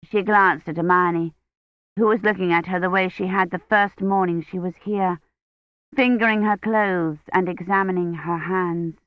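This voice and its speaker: A woman narrating an audiobook in a measured, steady way. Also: on the low side, no room sound, dull audio. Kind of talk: scripted narration.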